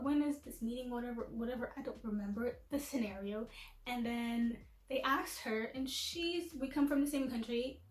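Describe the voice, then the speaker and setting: Chatty higher-voiced woman in echoey room. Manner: chatty, self-deprecating, laughing at herself. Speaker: vlogger. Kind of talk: casual chat to camera.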